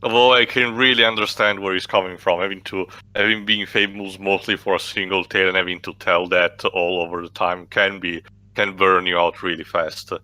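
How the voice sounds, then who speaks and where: Bright-voiced man in casual commentary. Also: deep voice, level tone, brisk, no room sound. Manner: wry and playful, laughing often. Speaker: co-host of a watch-along commentary. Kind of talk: casual chat.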